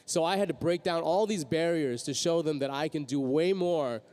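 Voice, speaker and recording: An energetic man answers a fan's question from a convention panel, now and then slipping into quick voice demos. His voice sits a little high. Long reverb from the hall trails every phrase. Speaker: convention panel guest, voice actor.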